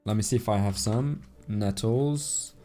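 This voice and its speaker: A man with a non-native English accent streams a game, chatting casually and thanking chat viewers as he plays. His voice is on the low side and dark, a little slow, with faint music behind him.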